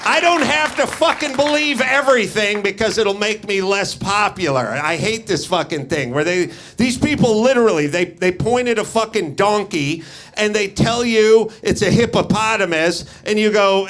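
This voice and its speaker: A man's voice: high voice, normal speed, a bit bright. A middle-aged man hosting a live comedy show, ranting sarcastically and swearing on a club stage. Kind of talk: live stand-up rant. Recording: live club recording, crowd faint.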